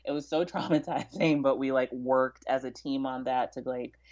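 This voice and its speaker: A woman's voice: very deep voice, steady tone, moderate pace, darkish tone, lo-fi sound. A woman chatting as a podcast guest, talkative, with frequent fillers and restarts. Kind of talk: casual interview chat.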